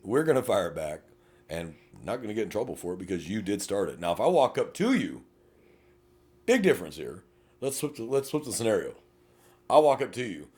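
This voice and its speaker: A middle-aged man talks on a podcast as a police officer. His low voice rises and falls widely as he tells stories. His delivery is blunt and full of swearing. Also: a little fast. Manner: blunt, profane, animated storytelling. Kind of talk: casual podcast chat.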